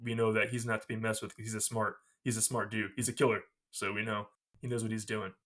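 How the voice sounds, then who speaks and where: A man hosting a podcast, retelling a movie scene by scene in a casual, animated way and laughing often. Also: on the low side, fast. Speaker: podcast host.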